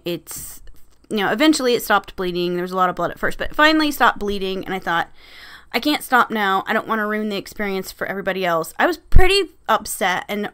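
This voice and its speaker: A woman's voice: mid-range voice, a bit bright, smooth. A woman vlogger casually telling a story about her vacation, candid and laughing, swearing freely.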